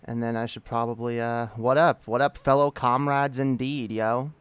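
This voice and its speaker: A man's voice: medium pitch, fairly even intonation, moderate pace, clean tone, no room sound. A man hosting a casual livestream, greeting his chat in a laid-back, profane way. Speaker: livestream host.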